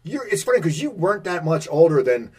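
A male interview host with a slightly husky voice. He asks long, conversational questions and often restarts his sentences. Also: fairly high pitch, sing-song, brisk, darkish tone. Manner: chatty, stumbling restarts.

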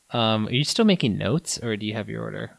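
A man's voice: on the low side, animated, moderate pace, creaky, no echo, clean studio sound. A man co-hosting a casual wine tasting chat, rambling and laughing at himself. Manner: rambling, self-deprecating, laughs often. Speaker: co-host of a wine tasting show.

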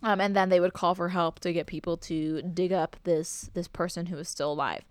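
A woman's voice: on the low side, steady tone, brisk, clean tone, no room sound. A young woman hosting a casual podcast, telling a spooky history story in a chatty way, swearing freely and laughing as she goes. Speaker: podcast host.

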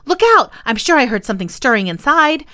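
Woman reading as a cheeky teasing boy, loud and pitched up, lively. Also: moderate pace. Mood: excited. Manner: mock-mysterious, teasing. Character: teasing, excitable schoolboy.

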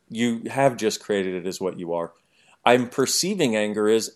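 A man talking as an interview guest, animated and jokey, explaining his ideas through everyday examples. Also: medium pitch, normal speed. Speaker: podcast guest. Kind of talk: conversational interview.

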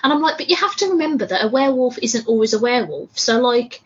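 Chatty woman, slightly raised pitch. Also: expressive, fast talker, slightly rough, lo-fi sound. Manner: chatty, lots of "like". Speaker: podcast co-host. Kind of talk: casual film discussion.

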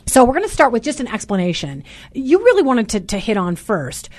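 A loud, chatty woman hosting a casual talk radio show from a studio. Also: fairly high pitch, wildly swooping pitch, a little fast, no room sound. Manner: loud and chatty, says so herself.

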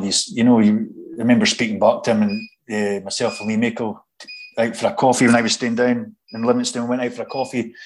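A Scottish man, a former footballer, chatting casually and telling stories with halting restarts. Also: lowish voice, a little hiss or hum, rough recording. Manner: halting, many restarts, anecdotal. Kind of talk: casual chat.

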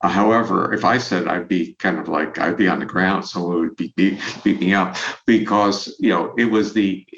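A man with a low, gravelly voice talks through ideas as a podcast guest, measured and explanatory, with a chuckle here and there. His audio comes through dull and lo-fi. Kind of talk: conversational explanation.

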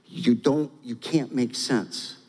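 A man's voice: mid-range voice, steady tone, takes it slowly, darkish tone. A man preaching to his church, talking easily and then pressing his points hard. His voice rings out with a long reverb from the hall around him. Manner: conversational preaching, rising to emphatic. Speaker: pastor. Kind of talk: sermon.

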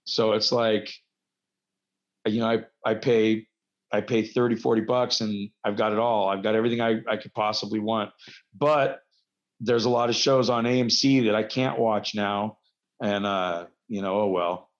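A man's voice: fairly low pitch, steady tone, moderate pace. A man who wrestles, chatting casually as an interview guest and rambling through self-deprecating stories. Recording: dull lo-fi recording.

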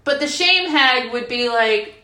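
50ish woman sharing at a recovery meeting, frank and chatty, slightly high voice, roomy echo. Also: animated, unhurried, bright, forceful tone. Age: 50s. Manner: chatty, frank, many fillers. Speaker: recovery group speaker. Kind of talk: casual group share. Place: retreat meeting room. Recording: roomy, imperfect recording.

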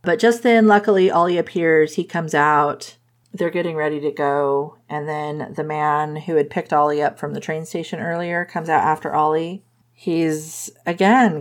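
A woman's voice: low-pitched, fairly even intonation, unhurried. A woman casually retelling a romance novel's plot, laughing often and playfully quoting the characters. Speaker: book reviewer recapping a romance novel.

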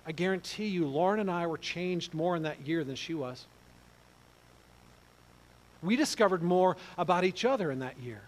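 Pastor guy telling a story in his sermon, chatty, goes quiet then gets loud. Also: fairly high pitch, normal speed, long pauses, poor audio. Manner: conversational, animated, swings from quiet asides to loud exclaims.

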